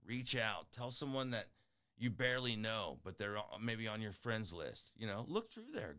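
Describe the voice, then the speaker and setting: A middle-aged man talking earnestly to his viewers in a casual motivational vlog, pleading and encouraging. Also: lowish voice. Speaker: streamer. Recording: dull lo-fi audio.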